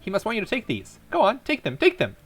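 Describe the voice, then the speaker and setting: A man voicing a jittery little mouse assistant in a game, in a squeaky, stammering voice. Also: huge pitch swings, fast, fairly bright tone, a little hiss or hum, full character voice. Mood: eager.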